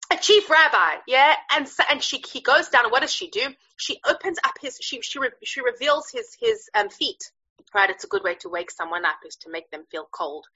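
Woman Bible teacher, chatty and animated, voice high and forceful with a husky grain; muffled recording. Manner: lively, chatty, hesitant with fillers. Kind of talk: animated storytelling lesson.

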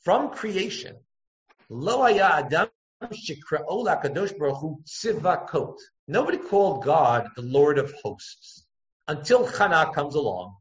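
A man giving a text-study lecture as a Torah teacher, thinking aloud, circling back to points and jumping his pitch up to act out quotes. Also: very animated, measured pace. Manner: thoughtful, digressive, acts out quotes with pitch jumps. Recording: echoey room, dull lo-fi sound.

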